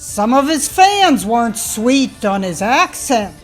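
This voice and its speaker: A woman with a high voice narrates a packaged entertainment news story. Her reporting is scripted and lightly playful, with a crisp broadcast delivery. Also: sing-song, takes it slowly, music in the background.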